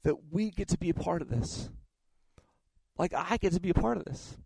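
A man's voice: high voice, moderate pace, gravelly, a little mellow, slightly rough, no room sound, low-quality recording. A man preaching a sermon, telling stories and often repeating his words as he goes. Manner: storytelling, stumbles and repeats words. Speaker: pastor.

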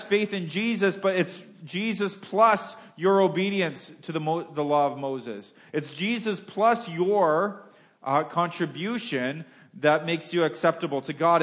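This is a man preaching a sermon with a voice pitched a bit high. He talks to the congregation in a casual, conversational way, repeats and restarts words, and often lets his phrases sink down quieter. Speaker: pastor.

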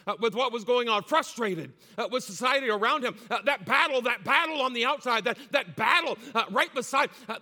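A man's voice: very high voice, sharp tone. A man preaching a sermon as pastor, impassioned and repetitive, with frequent "uh" fillers, in a church. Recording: long hall reverb.

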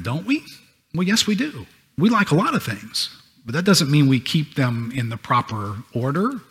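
A man serving as a pastor, preaching a sermon with emphatic stresses and quieter asides. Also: mid-range voice, slightly rough, big-room sound.

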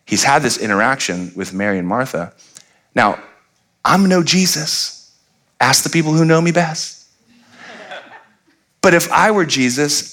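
A man preaching a sermon, animated and storytelling, acting out the people in the story. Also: on the high side. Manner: animated, acts out quoted voices. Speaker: pastor.

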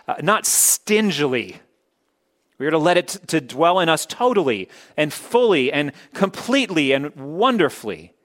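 A man's voice: medium pitch, a bit bright. A male pastor preaching a sermon, stressing his points by repeating key words.

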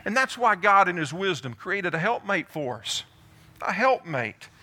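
A male pastor giving a lively sermon, asking the congregation questions and calling on people by name. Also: sits high, a little slow. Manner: animated, calls on listeners by name, asks the room questions.

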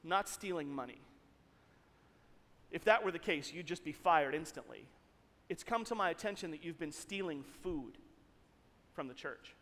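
Man voicing a stern senior pastor, grave, low and quiet, roomy hall echo. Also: moderate pace, long pauses, natural voice. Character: stern serious middle-aged male senior pastor.

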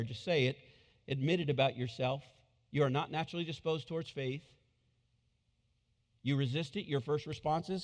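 A man preaching a sermon, telling the story with animated delivery and repeated phrases. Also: fairly high pitch, a little fast, pauses often, in a large hall. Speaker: pastor.

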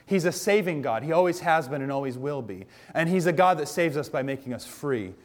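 A pastor delivers a sermon in a slightly higher-pitched male voice. He talks casually and tells the stories with animation, like he is chatting with the congregation. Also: brisk. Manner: conversational, animated storytelling.

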